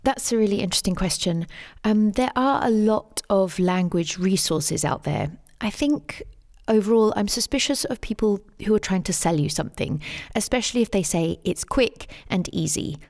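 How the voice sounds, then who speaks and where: A middle-aged woman with a London English accent, answering interview questions as the guest, measured and thoughtful, with plenty of "um" and "you know". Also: mid-range voice, expressive, a little mellow. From England. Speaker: guest, English teacher and tour guide.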